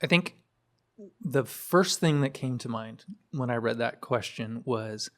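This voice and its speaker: A man's voice: medium pitch, a little slow. A man who leads groups, speaking as a podcast guest. He explains his points in a thoughtful way, often restarting his sentences. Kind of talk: reflective podcast talk.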